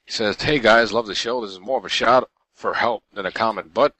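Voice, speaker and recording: A man's voice: on the low side, a little fast, bright, forceful tone, no echo, poor audio. A man co-hosting a gaming podcast, reading listener mail aloud in a playful way. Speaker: podcast co-host.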